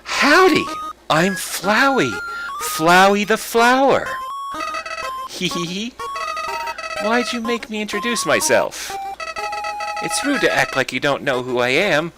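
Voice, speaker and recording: A man voicing a cheery, two-faced talking flower in a high, sing-song put-on voice. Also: big pitch swings, slow pace, long pauses, exaggerated voice, rough recording. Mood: sugary. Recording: game music behind.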